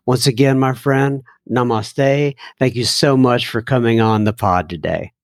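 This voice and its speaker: A man's voice: mid-range voice, unhurried, no room sound, studio quality. A man hosting a recovery podcast, folksy and earnest, chatting and reading listener letters aloud. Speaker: podcast host. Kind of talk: casual recovery podcast talk.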